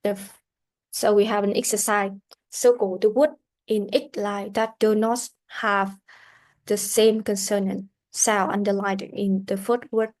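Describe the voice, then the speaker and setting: A woman leads a pronunciation lesson in a slow, deliberate way. She models sounds carefully for learners to repeat, and her voice sits at a middle pitch. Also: little pitch movement, a little mellow. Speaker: English teacher.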